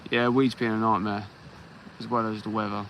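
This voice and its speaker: An easygoing English man runs a live fishing stream from the shore, greeting each viewer by name. His voice is bright and forceful, and he speaks into a phone outdoors at night. A faint background hum sits under him. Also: fairly low pitch, level tone, moderate pace, poor audio. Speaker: fishing livestream host. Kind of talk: casual live chat while fishing.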